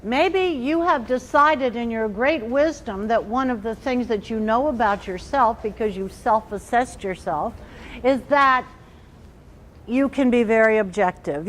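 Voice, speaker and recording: A woman trainer giving an animated workshop talk, acting out little quoted inner voices as she explains. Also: a little high, a little hiss or hum, poor audio.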